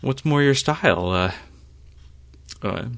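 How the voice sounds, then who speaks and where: A man's voice: lowish voice, measured pace, gravelly, a bit bright, no room sound. A man voicing a haughty young female Jedi initiate who boasts and needles. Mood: smug. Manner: snide, boastful.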